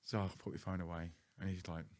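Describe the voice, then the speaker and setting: A man's voice: sits low, little pitch movement, fast talker. A man hosting a podcast, telling a story in a chatty way, laughing and swearing casually. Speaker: podcast host.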